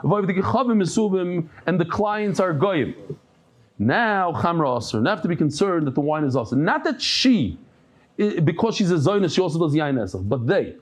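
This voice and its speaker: A man giving a daily Talmud class, telling stories and jokes with many restarts and Yiddish terms. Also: a little high. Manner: animated storytelling with frequent restarts and Yiddish terms; humorous asides and jokes. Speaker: Talmud teacher.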